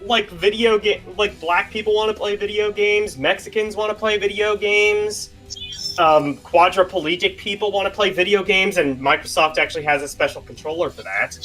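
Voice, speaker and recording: A stream host chatting casually, animated and joking, often tripping over words. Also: medium pitch, normal speed, faint music behind.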